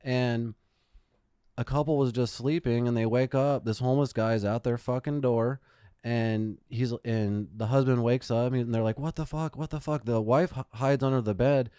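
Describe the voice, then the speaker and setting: Casual podcast host, man, swears freely, smooth clear voice, dry close sound. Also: mid-range voice, mellow, no room sound. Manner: profane storytelling, swears a lot. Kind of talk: casual chat. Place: Phoenix, Arizona.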